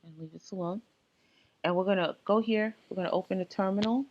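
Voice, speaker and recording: A woman giving a casual tech tutorial, explaining setup steps in a relaxed, halting way with frequent fillers. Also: mid-range voice, dull audio. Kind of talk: casual screen-recorded walkthrough.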